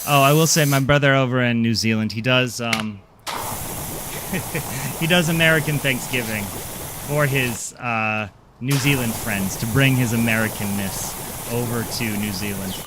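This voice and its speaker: A man streams a game and chats casually with viewers, rambling and poking fun at himself. His voice is medium-pitched and unhurried, with background noise behind it.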